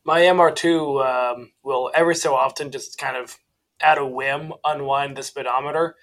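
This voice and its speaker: A man co-hosting a podcast who makes wry quips and explains things quickly in a casual chat. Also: medium pitch, steady tone, a bit bright. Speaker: podcast co-host.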